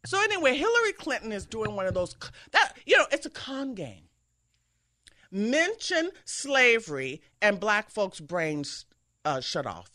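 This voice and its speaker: Animated woman host, emphatic commentary. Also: mid-range voice, measured pace. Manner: emphatic, mocking mimicry of others. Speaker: talk show host. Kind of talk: political commentary monologue. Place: radio studio with an engineer.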